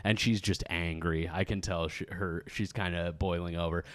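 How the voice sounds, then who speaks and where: A man's voice: low-pitched, fairly even intonation, moderate pace, fairly bright tone, dry recording. A man hosting a comedy podcast, telling a story casually and laughing as he goes. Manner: laughs through his story, acts out quotes. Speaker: podcast host.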